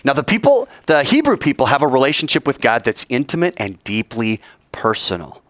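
A man preaching a sermon, telling stories in an animated way and asking his audience questions. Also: medium pitch, brisk, no echo.

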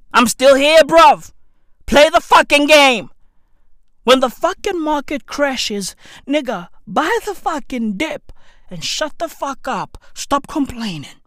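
A woman doing a profane, boastful comedic podcast rant at home, full of slang and loud outbursts. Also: high-pitched, no room sound, clean studio sound. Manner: boastful, slangy, shouty and laughing, calls listeners bruv. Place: at home, neighbor's dog nearby.

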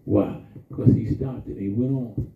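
A man preaching a sermon in a call-and-response style, drawing out his emphasis slowly and then rushing through asides. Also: medium pitch, vocal fry. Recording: distant, echoey, phone-like sound from far off.

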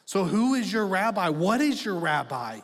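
Very animated and fairly bright, this high-voiced man in his thirties preaches at a moderate pace in a church auditorium. He's conversational and direct as pastor, asking the congregation to answer back, with long church-hall reverb.

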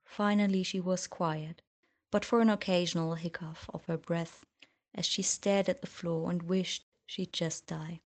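A woman reading fiction aloud as audiobook narrator, measured and subdued. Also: fairly low pitch, steady tone.

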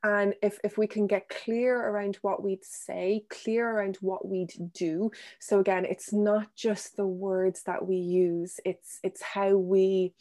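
A woman answering interview questions about self-compassion in a gentle, thoughtful way, pausing with ums and restarting her sentences. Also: mid-range voice, level tone. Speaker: guest speaker on self-compassion.

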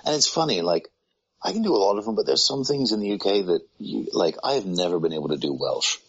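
A man's voice: very animated, quick pace, slightly rough. A man, a voice actor guest, chatting casually and self-deprecatingly with rambling restarts. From United Kingdom. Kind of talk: casual conversation. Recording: muffled low-fidelity sound.

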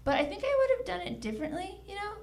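High, lively woman doing stand-up. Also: very fast. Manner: deadpan one-liners with giggles, silly voices for characters. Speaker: stand-up comedian. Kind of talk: stand-up comedy set. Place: comedy club with a live audience. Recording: loud audience and room noise.

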